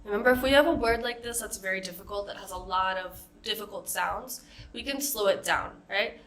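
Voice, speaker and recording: A woman with an American accent teaching a pronunciation lesson, modeling example words slowly and carefully. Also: mid-range voice, a bit bright. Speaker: accent coach.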